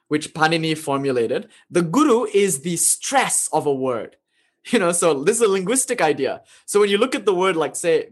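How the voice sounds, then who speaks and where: A man's voice: fairly high pitch, breathy edge. A man giving an informal lecture on spiritual ideas, speaking conversationally and often adding "you know" and small chuckles. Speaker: spiritual teacher.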